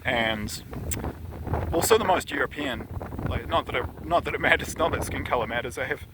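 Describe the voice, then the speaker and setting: A man's voice: medium pitch, normal speed. A man vlogging outdoors, talking casually and rambling with many restarts and asides. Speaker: vlogger sharing dreams. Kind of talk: casual outdoor vlog monologue. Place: outdoors on a windy hillside. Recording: wind noise on the mic. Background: wind.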